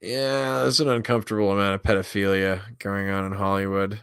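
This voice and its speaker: A man's voice: fairly low pitch, level tone, brisk, gravelly, a bit bright, smooth, dry recording, clean studio sound. A man hosting a casual reaction stream, crude and mocking, swearing heavily and reacting with disbelief.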